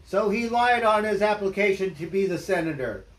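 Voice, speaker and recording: A man's voice: high-pitched, expressive, moderate pace. A man hosting a livestream, ranting bluntly and heatedly in casual, profane commentary. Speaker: livestream host. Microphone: streaming mic.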